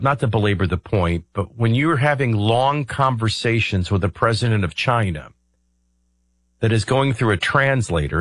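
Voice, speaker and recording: Here a middle-aged radio talk show host, medium in pitch, gives rambling political commentary, filling his explanations with ums and uhs in a conversational style. The recording has no room sound.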